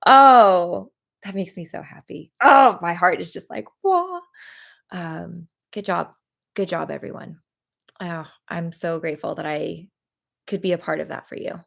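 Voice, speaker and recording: Gentle woman with a gravelly low voice. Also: fairly even intonation. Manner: gentle, encouraging, with many pauses and fillers. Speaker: EFT tapping practitioner. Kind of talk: guided tapping session on a livestream.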